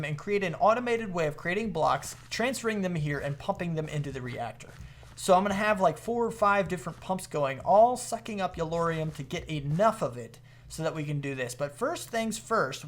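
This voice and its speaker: A man giving casual commentary over his modded gameplay, excitable, laughing often and jumping to high-pitched exclamations. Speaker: gaming video host.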